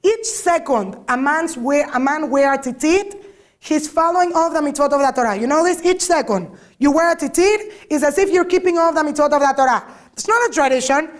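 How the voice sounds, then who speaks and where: A woman giving an informal talk to a group, lively and always asking her listeners questions. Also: sits high, a little fast. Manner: lively, asks the audience many questions. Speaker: lecturer.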